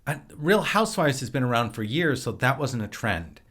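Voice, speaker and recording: A man from Wisconsin, a filmmaker and actor, chatting as a podcast guest in a relaxed, rambling storytelling way. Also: mid-range voice, moderate pace. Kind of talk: casual conversation.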